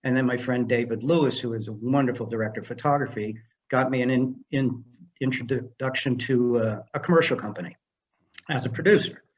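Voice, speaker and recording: In a muffled recording, the older director and screenwriter talks briskly in a mid-range voice. As a guest in a relaxed interview, he spins lively anecdotes and performs the characters' lines himself.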